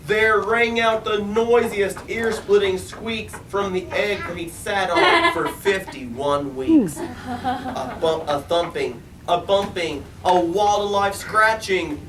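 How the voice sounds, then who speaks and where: A man's voice: sits high, slow pace, crowd noise. A young man reading a rhyming picture book aloud in a bookstore, with a sing-song lilt and frequent laughs. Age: young adult. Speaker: story time reader. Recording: echoey store, mic far off, noisy.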